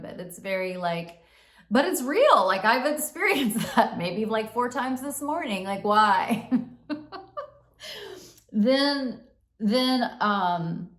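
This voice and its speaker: A woman hosting a casual self-help talk, candid and swearing freely, acting out the inner voices she describes. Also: mid-range voice. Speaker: podcast host. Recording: roomy echo.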